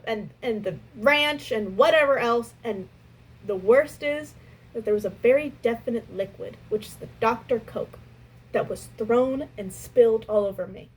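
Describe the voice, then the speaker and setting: A young adult woman casually telling a story from her restaurant job, animated and exasperated. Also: on the high side, breathy edge, low-quality recording.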